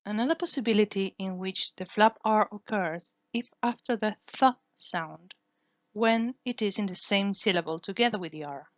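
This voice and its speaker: A woman's voice: medium pitch, normal speed, no room sound, lo-fi sound. A woman whose first language is Spanish, teaching English phonetics in a careful lesson, repeating each sound to demonstrate it. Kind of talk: scripted lesson.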